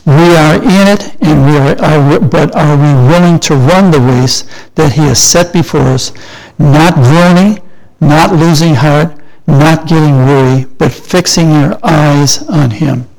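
A man's voice: fairly high pitch, unhurried, vocal fry, a little mellow, rough recording. An older man preaching a sermon in a conversational way, often asking and answering his own questions.

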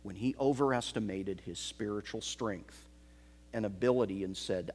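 A man preaching an expository sermon, slow and emphatic, repeating key phrases. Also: on the low side, creaky, a little mellow, slightly rough. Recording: long hall reverb.

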